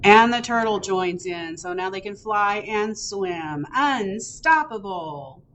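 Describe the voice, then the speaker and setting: A woman's voice: medium pitch, measured pace, a bit bright, a little hiss or hum. A woman librarian reading a picture book aloud to young children at a storytime, in a playful, engaging way.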